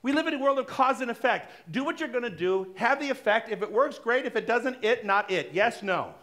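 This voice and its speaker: A middle-aged man with a high, light voice preaches to his congregation. He talks in a conversational, playful way and slips into acted-out bits of everyday dialogue. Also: animated, fairly quick, fairly bright tone. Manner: conversational and playful, acting out little dialogues, laughing. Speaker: minister. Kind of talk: sermon. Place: church sanctuary.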